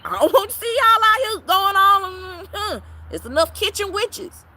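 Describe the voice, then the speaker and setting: A brash woman lectures her followers in a blunt live-stream chat, cursing freely. Her fairly high, bright voice swings widely in pitch and jumps to loud peaks. A faint hiss of noise sits under the recording. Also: poor audio. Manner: brash, profane, preachy, with sudden loud peaks. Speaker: tarot reader and teacher.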